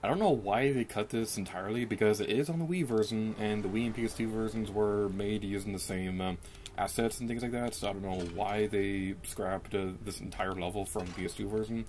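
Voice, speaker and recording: A young man giving casual let's play commentary into a desk microphone, chatty and self-mocking, with sudden pitch jumps when he gets excited. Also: a little fast, a little hiss or hum.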